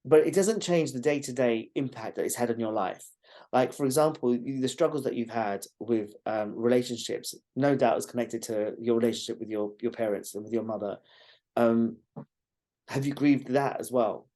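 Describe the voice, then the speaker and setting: A man's voice: mid-range voice, normal speed, dark tone. A man hosting a podcast, asking hesitant, searching questions. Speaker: podcast host. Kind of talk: interview questions.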